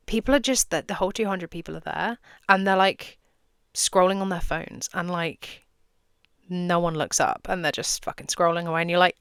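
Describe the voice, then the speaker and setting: A woman's voice: fairly low pitch, fairly even intonation, normal speed, a bit bright, clean tone, dry recording, clean studio sound. A young adult woman hosting a casual solo podcast as a coach, chatty, laughing often, swearing freely and acting out little scenes as she explains. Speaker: podcast host and business coach.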